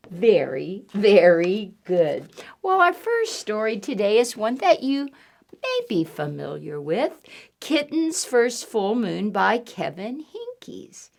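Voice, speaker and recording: A children's librarian runs storytime with a very animated, bouncy, sing-song voice that has a gravelly edge and swoops widely in pitch at an unhurried pace. For her young listeners, she spells out simple words and mimics animal sounds.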